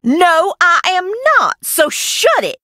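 A woman's voice: medium pitch, big pitch swings, measured pace, background noise. An actress playing an eccentric, mocking young woman hiding in an old mansion in a video game, talking with sardonic, theatrical swings. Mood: indignant. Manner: sardonic, theatrical, swinging between taunts and outbursts.

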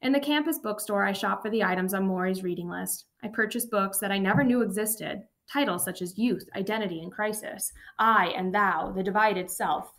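A woman reading a first-person memoir aloud as an audiobook narrator, steady and even. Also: mid-range voice, moderate pace, hardly any pauses.

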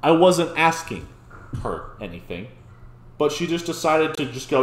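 A man hosting a casual reaction video, excitable and often stammering and restarting mid-sentence. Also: a little high, a little slow. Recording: echoey room.

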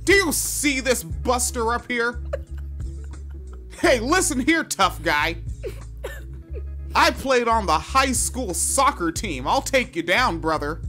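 A man voicing an indignant, fussy white male theatergoer who blusters in a shrill, exclaiming voice. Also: very animated, slow pace, pauses often, bright, forceful tone, soft background music, exaggerated voice. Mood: flustered bluster.

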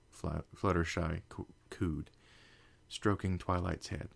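A man reads a story aloud in a low, gravelly voice. His narration is steady, with a stumble here and there. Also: a little slow. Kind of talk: fan fiction reading.

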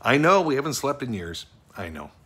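A man's voice: medium pitch, very animated, fairly quick, sharp tone, husky, voice pushed up, full character voice. A middle-aged man playing a bumbling, sweet office worker in an improvised comic monologue, rambling and fretful as he talks to an unseen wife. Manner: rambling, fretful, easily choked up.

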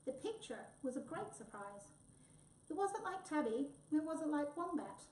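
A woman's voice: sits high, normal speed, a little hiss or hum. Woman reading a storybook aloud. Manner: expressive, lively reading. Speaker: reader. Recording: echoey room, voice from far off.

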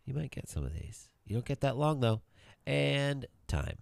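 A man co-hosting a casual podcast, teasing his partner and telling quick pun jokes. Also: mid-range voice, sing-song, vocal fry, no echo, clean studio sound. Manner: teasing, playful, sings a silly jingle. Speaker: podcast co-host. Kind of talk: casual banter.

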